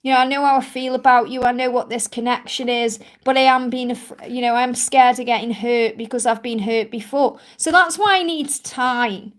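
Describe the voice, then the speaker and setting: A woman's voice: a little high, steady tone, normal speed, hardly any pauses. A woman from England with a strong Stoke-on-Trent accent, chatting and reassuring viewers as a spiritual reader in a live stream Q&A. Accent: Stoke-on-Trent English. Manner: chatty, reassuring, many "you know" fillers.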